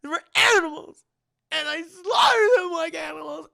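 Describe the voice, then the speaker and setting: A man playing a furious young man in a shouted, seething, high, strained voice. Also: normal speed, gravelly, exaggerated voice. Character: young man raging in bitter fury.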